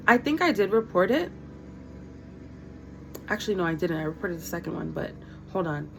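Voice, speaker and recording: A young woman in her twenties tells a casual storytime at home, blunt and lively. She swears freely and quotes the people she talks about. A faint hum sits behind her voice. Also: medium pitch, rough recording. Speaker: vlogger.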